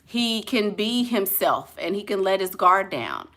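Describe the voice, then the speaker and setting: With a medium-pitched, sing-song voice that's a bit bright, a New Orleans woman offers casual, sassy, no-nonsense relationship advice at a measured pace. She works as a relationship coach.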